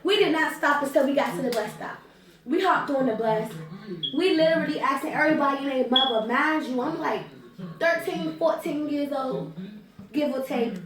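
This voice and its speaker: Young woman, DC area accent, high voice, animated slangy storytelling, profane, distant echoey mic, crowd noise. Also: normal speed. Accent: Washington DC area. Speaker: vlogger telling a story with her twin. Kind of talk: storytime vlog.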